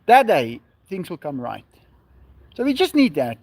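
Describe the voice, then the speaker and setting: A man chats slowly and easily on a live stream, reading out viewer comments and replying. His voice sits high, with a lively, rising and falling melody. He talks from outdoors at his home. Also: no room sound. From South Africa. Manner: reads viewer comments aloud and answers them. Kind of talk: casual live-stream chat.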